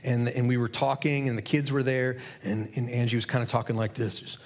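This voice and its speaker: A man's voice: medium pitch, fairly even intonation, a little fast. A middle-aged man preaching a sermon as a pastor, earnest and conversational, asking the listeners questions.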